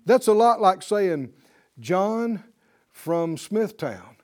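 A man's voice: high voice, lively intonation, very slow, a little mellow. A man teaching a Bible class to students who answer him, speaking emphatically and quizzing them with questions.

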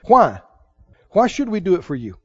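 A man preaching a sermon as pastor, fervent, with sudden bursts of loud praise. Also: sits high, huge pitch swings, moderate pace, slightly rough, no room sound, dull audio.

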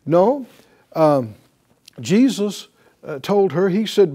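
A middle-aged man teaching the Bible in an emphatic way, slowing down to stress key words. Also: high voice, big pitch swings, dark tone. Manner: emphatic, with deliberate slow stresses.

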